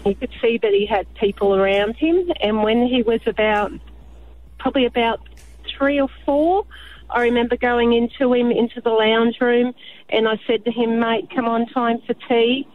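A woman's voice: on the high side, fairly even intonation, moderate pace. Mother calling in over phone. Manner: chatty, hesitant storyteller. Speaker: caller. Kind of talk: phone-in storytelling. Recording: tinny phone line with faint hiss.

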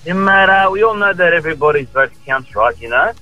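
A man's voice: a little high, lively intonation, brisk, sharp tone, highs cut off. A man joining a radio show as a joking guest, laid-back and rambling with dry humour. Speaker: comedic guest correspondent. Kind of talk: jokey radio guest chat.

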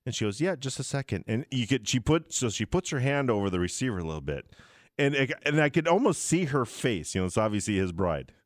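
A man who works in sports radio, telling stories in casual chat, lively and giggly, stumbling over repeated words as he starts. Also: medium pitch, brisk, no echo, clean studio sound.

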